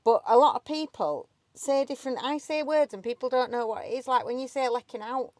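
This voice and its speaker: West Yorkshire woman, casual vlog co-host, teasing, slightly high, dry. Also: a little fast, a little mellow, no room sound. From Batley, Yorkshire. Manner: teasing, chatty. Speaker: van life vlogger. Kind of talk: casual chat. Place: inside a campervan.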